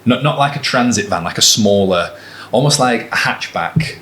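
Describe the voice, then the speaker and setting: A man's voice: on the low side, moderate pace, slight background noise. A man, a personal trainer and podcast co-host, telling stories in casual chat and acting out the dialogue. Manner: animated storyteller, acts out dialogue.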